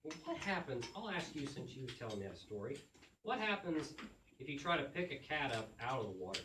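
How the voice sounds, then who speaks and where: A man's voice: mid-range voice, fairly quick. A man visiting a school as a children's author, telling homespun stories in a folksy, questioning way. He keeps turning to the kids with questions. The sound is roomy and echoey, picked up from some distance away, with a faint hiss underneath. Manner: lively, questioning, folksy storyteller. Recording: echoey room, mic from afar.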